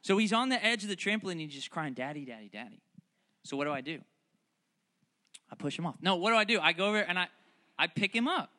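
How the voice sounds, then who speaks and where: A man's voice: high voice, lively intonation, fast, long pauses, bright, forceful tone. A man, preaching a sermon that mixes joking family stories with fervent, repeated calls to the congregation. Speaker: pastor.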